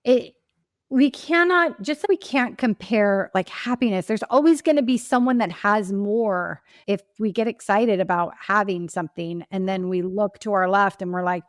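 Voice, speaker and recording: A woman's voice: mid-range voice, normal speed, no echo. Impassioned woman grief coach, dry sound. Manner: impassioned, emphatic, reflective. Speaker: grief coach and podcast guest. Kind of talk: earnest interview answers.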